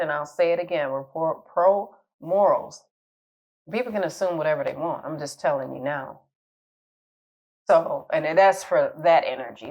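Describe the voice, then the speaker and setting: A middle-aged woman talks straight to her viewers as a relationship coach. Her voice sits a little low, and she speaks frankly and casually, chuckling at her own remarks now and then. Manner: candid, conversational, laughs at her own jokes. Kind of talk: casual advice talk to camera.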